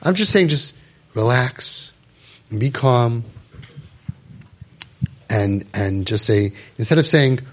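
A man leading a parent support group, speaking to a live audience in a room in a lively way with lots of fillers and acted-out quotes. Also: medium pitch, slow pace, pauses often. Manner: animated, acts out quoted voices, many fillers.

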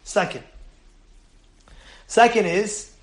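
A rabbi teaches his congregation in a lively, animated way, laughing often and acting out little scenes. His voice sits very high for a man. The room around him is roomy and echoing. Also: very slow. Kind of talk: Torah class.

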